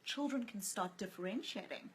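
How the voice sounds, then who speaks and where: A woman's voice: mid-range voice, moderate pace, breathy edge, poor audio. A woman speaking as an author and guest in a conversational interview, telling stories and acting out the voices she quotes. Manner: storytelling, acts out quoted voices.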